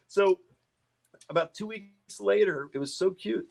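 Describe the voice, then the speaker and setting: A man's voice: sits high, huge pitch swings, takes it slowly, vocal fry, pauses often. A middle-aged man, a guest on a car podcast, telling rambling stories in a casual interview, laughing often and restarting his sentences.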